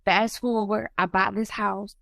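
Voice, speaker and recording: A woman's voice: measured pace, vocal fry, no echo. Woman on a podcast, retelling family drama, voice jumps way up when she quotes people, dry close sound. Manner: animated, acts out quoted dialogue with rising pitch. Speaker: podcast host. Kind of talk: emotional personal storytelling.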